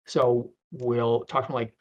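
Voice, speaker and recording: A man's voice: medium pitch, little pitch movement, unhurried. A middle-aged man, a guest on an interview, telling anecdotes in a rambling way with many restarts and acted-out voices. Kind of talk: anecdotal storytelling. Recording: dull lo-fi sound.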